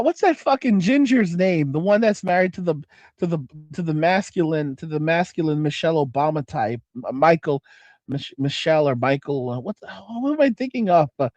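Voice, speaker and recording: A man rambles through a livestream, swearing freely, jumping between thoughts and answering his chat. His voice sits a bit high for a man. The sound is dry and close, with no room echo. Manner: profane, excitable, trails off and restarts. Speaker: livestream host reading chat. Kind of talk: casual rambling livestream talk.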